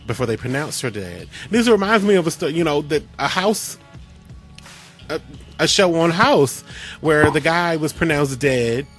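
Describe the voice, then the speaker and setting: A man hosting a casual radio talk show, telling stories in an animated way with frequent restarts. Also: a little high. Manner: animated storyteller, restarts often.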